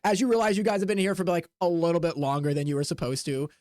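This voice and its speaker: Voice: medium pitch, fast talker, darkish tone, dry recording. Casual game master narrating, dry close sound. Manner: casual, rambling, many fillers.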